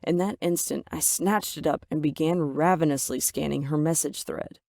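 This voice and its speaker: A woman narrating a first-person story in an even, measured way, voicing the quoted lines herself. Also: sits low, gravelly, dry recording, studio quality.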